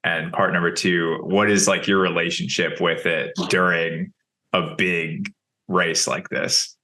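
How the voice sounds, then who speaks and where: A man with a very deep voice and a bright, forceful edge asks his guest a curious, hesitant question. He talks in a casual interview style. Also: flat delivery, unhurried. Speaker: podcast host.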